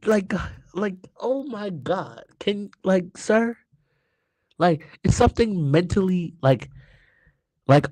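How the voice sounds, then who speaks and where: A young man on a political talk show in an agitated, profane rant that stumbles over restarts. His voice sits fairly high and swings up and down widely. The sound is close and dry, with no room echo. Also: darkish tone. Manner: agitated, swearing, stammering restarts.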